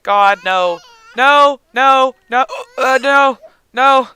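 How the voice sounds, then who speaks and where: A young man doing excitable gameplay commentary, gasping and talking to the game characters while he has the hiccups. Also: very high-pitched, slow, clear, resonant tone, soft background music. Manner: excitable, gasps and yelps, talks to game characters. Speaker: let's play gamer.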